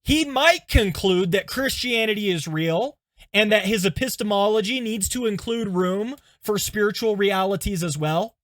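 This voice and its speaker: A pastor teaching through stories in an animated, conversational way, often checking in with his listeners. His voice sits high for a man. The sound is dry and close, with no room echo. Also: moderate pace. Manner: animated, conversational, frequent "okay?" check-ins. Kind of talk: teaching lesson with storytelling.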